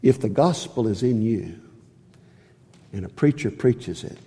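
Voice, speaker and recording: A man preaching a sermon in a church, earnest, swinging from high emphatic phrases to low quiet ones. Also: animated, a little slow, big-room sound. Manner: earnest, rises high on key phrases and drops low on others.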